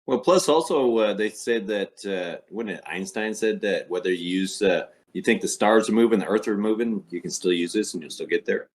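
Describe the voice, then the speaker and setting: A man's voice: on the low side, normal speed, few pauses. A man in a casual podcast discussion, hesitant as he raises a question.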